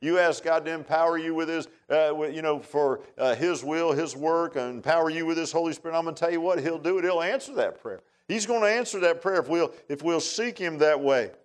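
A man's voice: a little high, brisk, few pauses, smooth. A man preaching a sermon in a folksy, emphatic way, with many asides to the congregation. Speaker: pastor.

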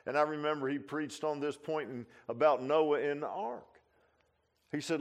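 Folksy pastor, slightly high voice. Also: male voice, normal speed. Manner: animated and folksy, with laughs and rhetorical asides. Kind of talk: informal sermon.

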